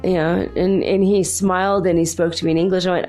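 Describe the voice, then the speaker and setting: A woman's voice: lowish voice, level tone, a little fast, warm tone, faint music behind. A woman with children talking casually and at length, rambling with many fillers and restarts, laughing often as she tells personal stories. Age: adult with children. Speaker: host.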